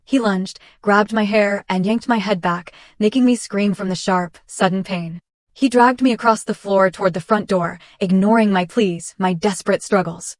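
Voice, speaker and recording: A woman narrating a dramatic first-person story in a steady reading voice. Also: medium pitch, moderate pace, no echo, studio quality.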